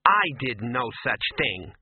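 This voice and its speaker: A bewildered, frightened young woman, as a male narrator puts her on speaks uncertainly and tries hard to stay reasonable. The husky voice comes through a tinny, dry, phone-like recording. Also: medium pitch, sing-song, slow, dry recording, full character voice.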